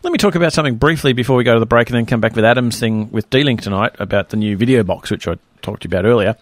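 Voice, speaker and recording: Quick, chatty Australian male radio host, dry studio mic. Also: medium pitch, dry recording. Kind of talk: casual radio panel chat.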